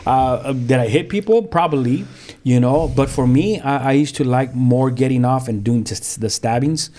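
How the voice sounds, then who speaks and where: A pastor from South Central Los Angeles gives his personal testimony as a guest on a podcast, talking street-style with slang, restarting himself repeatedly and acting out the voices of people he quotes. His voice is medium-pitched and warm, at normal speed.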